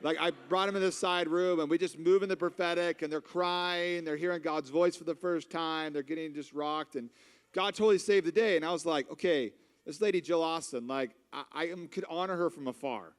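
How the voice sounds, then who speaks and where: A man in his thirties preaches at a conference, spinning a funny, self-deprecating story. His voice sits a little high and rings smooth and resonant. The sound carries the long reverb of a large church hall. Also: brisk. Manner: humorous, self-mocking storyteller. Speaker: conference speaker. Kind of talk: storytelling sermon.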